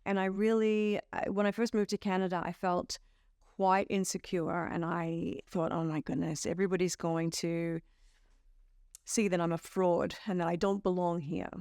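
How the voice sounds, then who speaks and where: Middle-aged Australian actress, smooth and clear, dry close sound, chatty storyteller. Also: female voice, fairly low pitch, level tone, moderate pace, dry recording. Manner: warm storytelling with playful quoted asides. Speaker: actress being interviewed. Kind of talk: casual interview chat.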